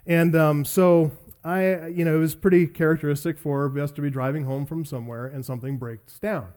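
A man's voice: a little high, steady tone, fairly quick, a little mellow. A middle-aged man preaching, asking earnest questions and telling personal stories with self-deprecating humor. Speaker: pastor. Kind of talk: sermon.

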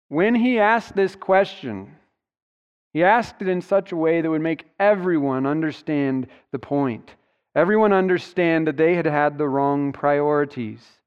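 A man's voice: fairly high pitch, clear, resonant tone, dull audio. Preaching man in a reverberant church. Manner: expository preaching, stressing key words. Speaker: pastor. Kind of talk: sermon. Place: church sanctuary.

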